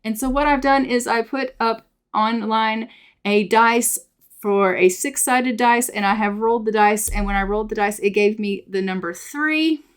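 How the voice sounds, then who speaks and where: A woman's voice: medium pitch, clear, resonant tone. A woman hosting a let's play, narrating a life-sim game in a chatty, upbeat way. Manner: chatty, upbeat, repeats filler phrases. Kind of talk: casual gameplay narration.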